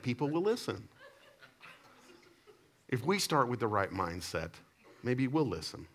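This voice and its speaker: A man preaching a sermon to his congregation. He tells stories animatedly, swinging between loud emphatic lines and low, quiet asides. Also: big pitch swings, moderate pace, long pauses. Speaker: pastor. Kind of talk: sermon with storytelling.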